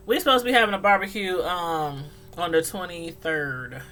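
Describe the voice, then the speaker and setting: A middle-aged woman hosting a relaxed call-in stream. Her voice is bright and clear. She chats easily, laughs often and reads viewer comments aloud. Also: fairly low pitch, normal speed, faint music behind. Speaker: livestream host. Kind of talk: casual chat.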